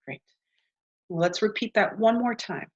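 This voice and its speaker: A woman's voice: mid-range voice, unhurried, darkish tone, slightly rough. A woman teaching a beginner language lesson, patiently modeling phrases and asking the listener to repeat them. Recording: dull lo-fi sound.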